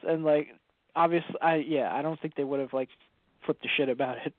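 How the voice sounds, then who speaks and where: A man's voice: a little high, fairly quick, dry recording. Man co-host, easygoing storyteller who laughs readily. Dry, phone-like audio. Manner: relaxed storyteller, laughs easily. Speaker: podcast co-host. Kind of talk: casual chat. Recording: tinny phone-like sound, dry.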